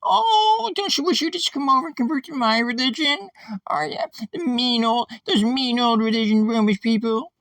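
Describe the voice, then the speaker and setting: Whiny self-pitying zealot. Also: male voice, normal speed, a bit bright, no echo, low-quality recording. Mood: simpering. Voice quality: high whiny wail. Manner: simpering fake-polite sobbing. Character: whiny passive-aggressive male zealot, self-pitying martyr.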